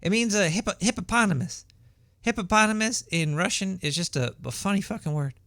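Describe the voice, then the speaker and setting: A man voicing a paranoid cartoon rat host with a shrill voice and a Brooklyn accent, rambling conspiratorially with many stumbling restarts. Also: fairly quick, a bit bright, no echo, studio quality. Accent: Brooklyn New York. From Brooklyn, New York. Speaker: podcast host. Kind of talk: rambling comedic monologue. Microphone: home setup.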